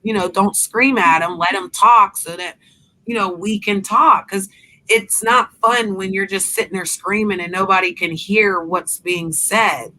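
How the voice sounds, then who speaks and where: A woman's voice: medium pitch, steady tone, a little slow, pushed and bright. A woman host in a casual chat, telling a heated story bluntly with profanity.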